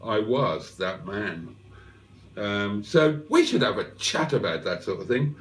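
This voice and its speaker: Slow and very animated, his fairly low voice sounds roomy, caught by a distant mic. The man is hosting a live stream, reading viewer comments and chatting loosely, full of fillers and side remarks.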